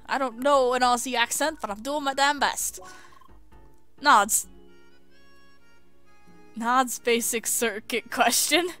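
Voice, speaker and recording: A woman's voice: high-pitched, slow pace, pauses often, sharp tone, soft background music. A young woman hosting a video game playthrough, reading tutorial text aloud and adding casual asides. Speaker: let's play host.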